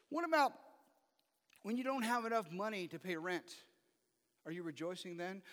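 A man preaching a sermon with a high, bright and forceful voice. He keeps asking his listeners pointed rhetorical questions. His words ring out with the long reverb of a hall. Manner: asks the audience many rhetorical questions. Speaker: pastor.

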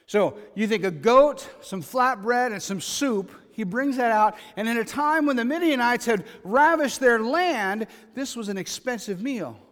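Animated preacher, high voice, echoing hall. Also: male voice, a little slow, hardly any pauses. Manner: animated preaching, reads scripture aloud and acts out paraphrased dialogue. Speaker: pastor. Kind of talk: sermon. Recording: long hall reverb.

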